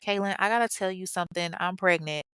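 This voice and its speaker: Brief: woman doing a young woman making excuses, soft, lifted pitch, apologetic. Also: fast, clean tone, no echo, natural voice. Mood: pleading.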